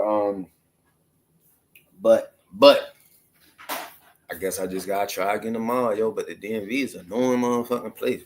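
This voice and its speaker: A Maryland man in his thirties speaks directly to the camera as a vlogger, telling a story in a relaxed, casual monologue. His talk is slangy street speech packed with asides, delivered at an ordinary middle pitch.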